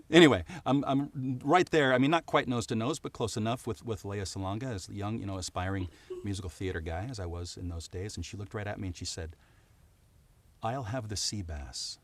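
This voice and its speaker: A man, a variety show cast member, telling a comic story with halting, stammering restarts and a deadpan build-up. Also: on the low side.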